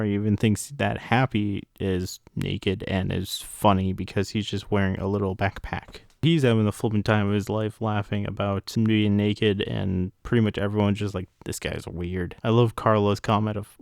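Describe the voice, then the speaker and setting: A man's voice: on the low side, vocal fry, darkish tone, no room sound, clean studio sound. A young man casually recapping a manga chapter, chatty and full of fillers, acting out the characters' lines in passing. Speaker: manga reviewer.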